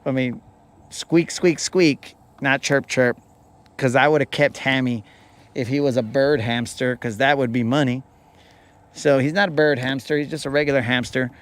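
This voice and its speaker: A man's voice: mid-range voice, steady tone, moderate pace. A man hosting a fishing show who tells a rambling, playful story in casual slang. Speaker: fishing podcast host.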